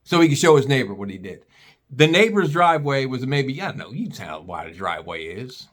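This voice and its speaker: A man telling a funny story in a casual, animated way, mocking the people in it and swearing freely. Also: medium pitch, a little fast.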